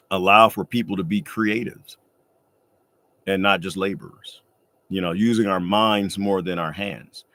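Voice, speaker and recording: Male off-grid host, easygoing digressive talker who says y'all, forceful bright tone. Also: low voice. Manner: loose, digressive, says y'all, joking asides. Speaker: livestream host answering chat. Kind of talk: casual rambling chat. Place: off-grid desert home, indoors.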